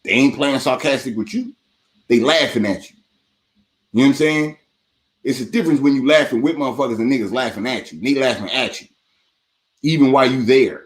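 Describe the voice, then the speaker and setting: A man's voice: medium pitch, fairly quick, pauses often. A man co-hosting a boxing talk show, heated and emphatic.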